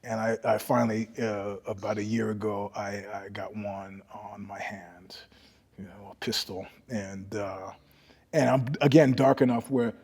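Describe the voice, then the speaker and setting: A middle-aged man, a podcast guest, telling stories in a husky voice, swinging from loud bursts to hushed asides. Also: lowish voice, little pitch movement, a little slow. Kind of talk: storytelling in casual conversation. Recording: long reverb.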